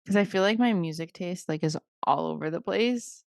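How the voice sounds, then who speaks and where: Low-voiced young woman, rambling. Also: moderate pace, creaky, a little mellow, no room sound, clean studio sound. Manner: rambling, heavy use of "like". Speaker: podcast co-host. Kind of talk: casual chat.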